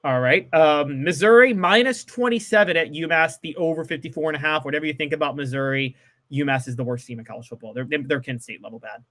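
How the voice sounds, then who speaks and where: A man's voice: a little high, fast talker, fairly bright tone. A man co-hosting a casual sports podcast and rattling off his betting picks in an upbeat, trained broadcaster's delivery. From American South. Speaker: co-host giving betting picks.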